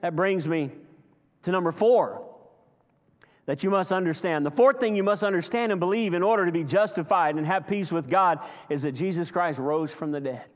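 A man preaching a sermon with passion, swinging from loud outbursts to hushed, slow lines. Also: sits high. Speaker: pastor. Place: church sanctuary. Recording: long hall reverb.

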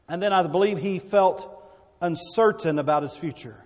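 A man's voice: sits high, normal speed, darkish tone. Preaching man in a reverberant hall. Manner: preaching with repetitions and swells of volume. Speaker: pastor. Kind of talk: sermon.

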